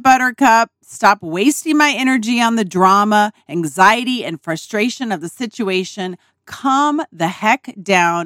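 A woman hosting a podcast talks through a personal story at an unhurried pace. Her pitch swings widely as she laughs and swears casually. The sound is dry and close, recorded in a small RV dinette. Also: a bit bright, dry recording. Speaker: podcast host.

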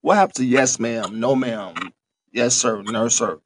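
A man's voice: medium pitch, measured pace, slight background noise. A man in his thirties co-hosting a casual podcast, bantering loosely and cursing. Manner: laid-back, profane banter. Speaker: podcast co-host.

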